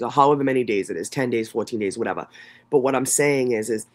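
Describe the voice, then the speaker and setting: Blunt, profane New livestream host. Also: male voice, medium pitch, fast talker, fairly bright tone. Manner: reads documents aloud, then breaks off to comment. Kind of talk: casual live commentary.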